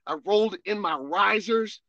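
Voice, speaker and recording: A man with a high, bright and sharp voice spins animated, swear-filled stories on a podcast, laughing through them. His talk is lively and loose. The recording is dry and close, with no room sound. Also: moderate pace, no room sound, highs cut off. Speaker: podcast co-host. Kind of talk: casual storytelling chat.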